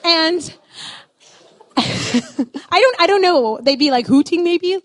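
Animated, high-voiced woman storyteller. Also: takes it slowly, slight background noise. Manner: animated, expressive, playful, with many "like" fillers. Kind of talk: storytelling talk.

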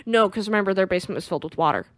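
A woman co-hosting a podcast, retelling a movie in lively casual chat and acting out the characters. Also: medium pitch, very fast, dry recording. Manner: animated retelling, acts out characters, swears freely. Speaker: podcast co-host. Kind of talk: casual film recap.

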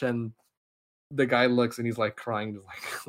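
A man on a podcast, talking casually at a middle pitch. He retells a story in an excitable, rambling way, stumbling over restarts and fillers. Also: unhurried. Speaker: podcast host. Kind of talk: casual podcast chat, retelling a film plot.

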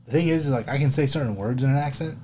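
A young man co-hosting a casual sports podcast, swearing freely and ribbing his friend. His voice sits at a middle pitch, with a faint hiss of noise behind it. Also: racing. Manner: crude banter, loud bursts of mock yelling. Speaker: podcast co-host. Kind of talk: casual chat.

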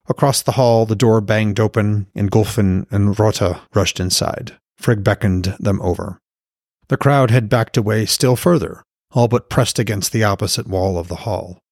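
Low-voiced man reading fantasy fiction. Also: no room sound, clean studio sound. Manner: steady storytelling reading. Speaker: author and podcast narrator. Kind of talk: scripted audiobook narration.

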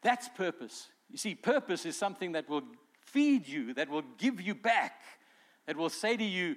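A male pastor delivering a sermon, animated and emphatic, acting out quotes with rising force. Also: sits high, moderate pace. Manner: animated preaching, voices quotes with swelling emphasis.

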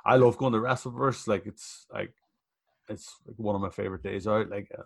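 A man's voice: fairly low pitch, a little fast, vocal fry. A man chatting casually on a podcast about wrestling shows, laughing often and swearing freely. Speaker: professional wrestler guest.

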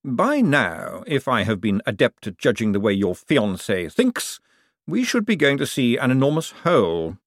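A man's voice: medium pitch, huge pitch swings, dry recording, studio quality. A man voicing a suave, sardonic ruler. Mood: smooth. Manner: cool, measured, drily amused.

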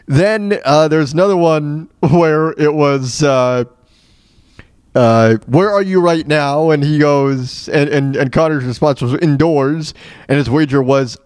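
A man's voice: a little high, measured pace, a little mellow, clean tone, dry recording, clean studio sound. A man hosting a radio show, telling stories in a rambling, casual way with many fillers and restarts. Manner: laughs at his own retold jokes. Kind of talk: casual storytelling monologue.

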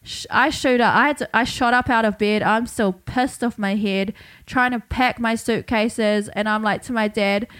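A woman's voice: fairly high pitch, fairly even intonation, normal speed, fairly bright tone. A young woman with a New Zealand accent hosting her own podcast, telling a story in a chatty, laugh-filled way with plenty of swearing. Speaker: podcast host. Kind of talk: casual storytelling monologue.

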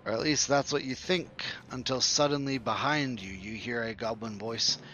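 A man's voice: medium pitch, normal speed, bright, forceful tone, a little hiss or hum. A man as game master, patiently explaining rules and narrating a tabletop game. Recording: dull lo-fi audio.

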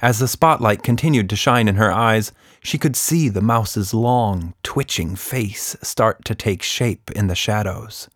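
A man reading a children's story aloud with expressive narration. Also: on the low side, measured pace, few pauses, dry recording, clean studio sound.

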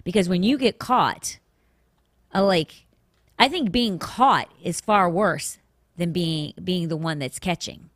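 Woman host, lowish voice, dry close sound, earnest casual Bible teaching. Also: slow pace, dry recording. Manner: earnest, conversational, with restarts and emphatic asides. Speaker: podcast host.

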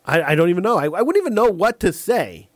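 A man hosting a call-in talk show, giving his opinions in a monologue. He often repeats words while searching for the next one and acts out imagined callers in quick back-and-forth. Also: high-pitched, sing-song, dry recording.

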